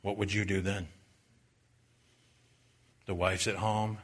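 Male Baptist preacher, bright forceful tone, preaching in a church. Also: level tone, slow, slightly rough. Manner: rises to loud, high-pitched preaching, then drops to quiet storytelling. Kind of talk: sermon.

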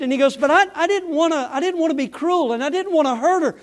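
High-voiced preacher in a reverberant church. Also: male voice, quick pace, hardly any pauses. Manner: animated, rising to near-shouting in the story, dropping soft and earnest for the appeal. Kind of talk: sermon with storytelling. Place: church sanctuary. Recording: long hall reverb.

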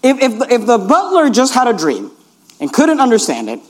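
Very high-voiced man preaching. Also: huge pitch swings, normal speed. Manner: earnest, emphatic, repeatedly urges listeners to notice. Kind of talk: sermon.

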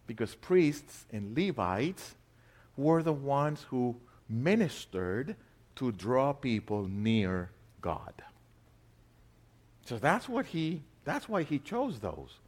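Male preacher, mid pitch, very expressive intonation, loud emphatic peaks and hushed asides. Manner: animated, swinging between loud emphasis and quiet asides; rhetorical back-and-forth questions. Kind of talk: sermon.

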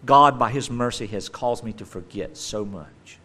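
A male preacher giving a sermon, animated and emphatic, with playful joking asides. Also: medium pitch, moderate pace.

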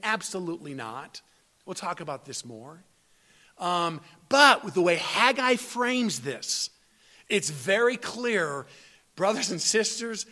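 A man preaching a sermon in an earnest style, slowing down to stress quoted scripture and often restarting words. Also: high voice, a bit bright. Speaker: pastor.

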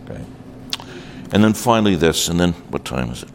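An older man from New York preaching at a conference, animated, acting out little dialogues and dropping in asides. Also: low voice, fairly quick, gravelly, a little hiss or hum. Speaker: conference speaker. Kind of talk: conference sermon.

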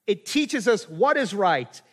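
A man's voice: high voice, sing-song, slow pace. A middle-aged man from Canada preaching a sermon, quoting scripture and asking his listeners rhetorical questions. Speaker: pastor.

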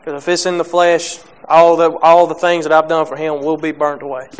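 Young male preacher, unpolished and hesitant delivery, clear resonant tone. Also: a little high, little pitch movement. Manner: halting, many restarts and fillers. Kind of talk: sermon.

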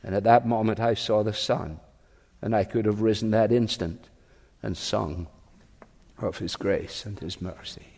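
A man doing a hushed young convert. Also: on the low side, steady tone, measured pace, long reverb tail, voice pushed down. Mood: awed. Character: young man recalling his conversion, awed.

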